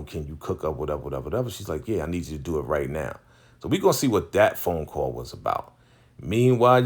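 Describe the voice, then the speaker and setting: Male recapper, low register, animated retelling with quick character voices. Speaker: TV recap vlogger. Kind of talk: casual episode recap, retelling scenes.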